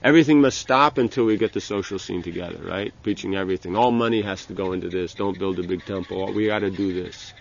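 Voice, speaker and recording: A low, gravelly male voice delivers a loose, conversational religious lecture, circling back with restarts and filler words. The recording is dull and lo-fi. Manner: halting, many restarts and "you know". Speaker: spiritual teacher.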